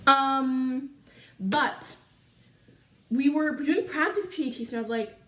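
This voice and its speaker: A teenage girl from Canada telling a school story to her viewers in a chatty, animated way full of fillers. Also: high-pitched, takes it slowly, roomy sound, distant mic, faint music behind. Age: teens. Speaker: vlogger. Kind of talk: casual storytime chat.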